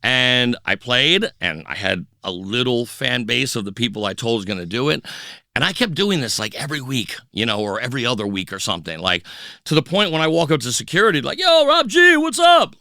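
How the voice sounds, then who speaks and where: A middle-aged man, a DJ guest on a podcast, telling stories in a casual, animated way and acting out the voices of the people in them. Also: medium pitch, brisk, creaky, no room sound, clean studio sound. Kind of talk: casual storytelling interview.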